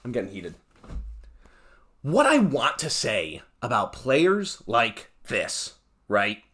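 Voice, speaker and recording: A man's voice: medium pitch, wildly swooping pitch, takes it slowly, fairly bright tone, breathy edge. A young man hosting a solo podcast, ranting in a heated, exasperated way with sarcastic asides. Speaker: podcast host.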